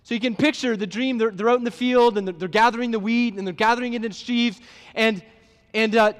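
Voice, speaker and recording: A man with a high-pitched voice preaches in a church, talking conversationally and putting questions to the congregation. His words trail off into a long reverb from the sanctuary. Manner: conversational, asks the listeners questions, restarts words. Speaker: pastor. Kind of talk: sermon.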